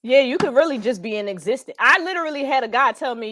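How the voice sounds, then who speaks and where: Philly woman podcast host, higher voice, very lively pitch, blunt and profane. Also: fast talker, few pauses, no echo, poor audio. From Philadelphia, Pennsylvania. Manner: blunt, profane, animated storyteller. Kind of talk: casual podcast chat.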